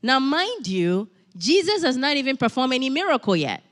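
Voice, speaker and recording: A woman's voice: high-pitched, big pitch swings, moderate pace, a bit bright, in a large hall. A woman preaching a sermon in a church, emphatic, repeating key phrases and building to exhortation.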